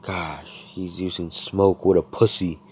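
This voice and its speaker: A man's voice: sits low, steady tone, unhurried, a little mellow, slight background noise. A man doing a brash, cursing young fighter. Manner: profane, blunt, confrontational.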